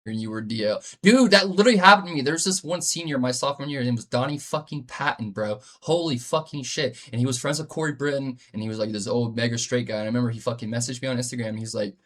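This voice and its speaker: Brief: young guy streamer, mid-pitched voice, cursing and telling stories with lots of "bro". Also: fast, few pauses. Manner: profane, animated storytelling, frequent "bro". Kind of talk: casual live-stream chat.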